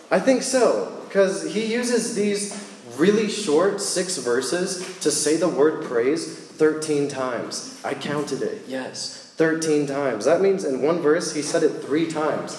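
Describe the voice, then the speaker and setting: A young man preaching a sermon in a church, casual and animated as he tells stories. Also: on the high side, takes it slowly, roomy sound, big-room sound, slight background noise.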